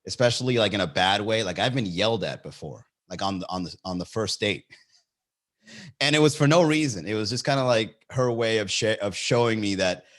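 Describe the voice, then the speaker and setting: A young man hosting a comedy podcast, telling a dating story with lots of swearing and high-pitched impressions. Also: brisk. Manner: animated, swearing, acts out voices in a high pitch. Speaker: podcast host.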